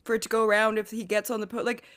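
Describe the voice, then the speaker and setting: Woman, fairly high voice, casual podcast chat, dry quick reactions. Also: completely flat delivery, a bit bright. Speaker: podcast co-host.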